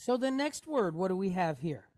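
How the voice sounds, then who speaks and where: A woman's voice: mid-range voice, big pitch swings, moderate pace, a little mellow, dry recording. A woman teaching a Hebrew reading lesson, going step by step and checking in often with her students. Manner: patient, step-by-step, checking in with "okay? right?". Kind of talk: classroom lesson.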